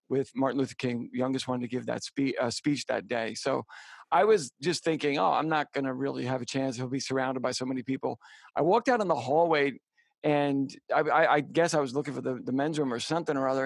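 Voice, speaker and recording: Man, gravelly voice, halting heartfelt storytelling, dry close mic. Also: medium pitch, dry recording. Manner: halting, many fillers and restarts, heartfelt. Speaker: podcast co-host. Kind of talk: casual storytelling chat.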